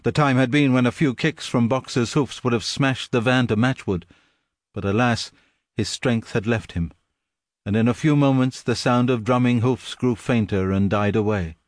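A man reading a story aloud in steady, measured audiobook narration. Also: mid-range voice, dry recording, clean studio sound. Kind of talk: scripted narration.

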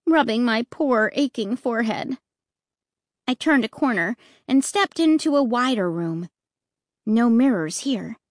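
A woman narrating a children's story in the first person with expressive, suspenseful delivery. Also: medium pitch, dry recording, studio quality. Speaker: audiobook narrator.

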